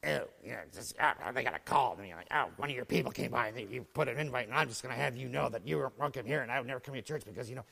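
A man doing a huffy offended caller, rattling off words, gravelly, bright edge, echoey hall. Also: medium pitch, rapid-fire, few pauses. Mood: mocking.

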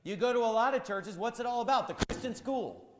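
A man's voice: extremely high pitch, lively intonation, fairly quick, echoey room, in a large hall, a little hiss or hum. A man preaching a sermon as pastor, firing rhetorical questions in a repetitive, emphatic cadence.

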